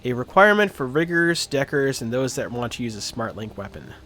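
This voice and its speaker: A man voicing a brusque middle-aged man with a Midwestern accent in a video game, clipped and a little louder than his own voice. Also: medium pitch, big pitch swings, fairly quick, faint music behind. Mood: cheerful. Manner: gruff and clipped, then loud and cheery.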